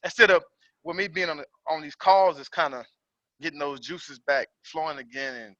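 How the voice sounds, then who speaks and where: Bright-voiced man talking on a call. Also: fairly high pitch, fairly even intonation, no room sound. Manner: halting and reflective, feeling his way through his thoughts. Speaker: caller, trucking business owner. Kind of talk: casual talk on a group call. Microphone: call audio. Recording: dull, dry call audio.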